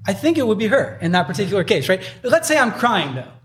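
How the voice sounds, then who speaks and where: A man's voice: sits high, very animated, fast talker, fairly bright tone. A man preaching a sermon in a loose, conversational way, full of fillers. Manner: conversational, uses many filler likes. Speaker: pastor.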